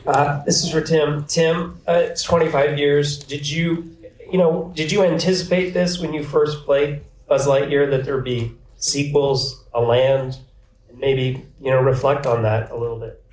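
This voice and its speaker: A man's voice: on the high side, fairly even intonation, measured pace, a little mellow, a little hiss or hum. A male reporter asks the panel a hesitant question. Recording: echoey room, distant mic.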